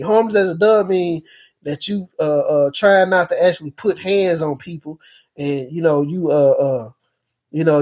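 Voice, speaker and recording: A man with a somewhat higher-pitched voice talks in a loose, rambling monologue. He stops often on fillers and restarts his sentences as he goes, keeping a conversational tone. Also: a little mellow. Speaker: speaker recounting experiences.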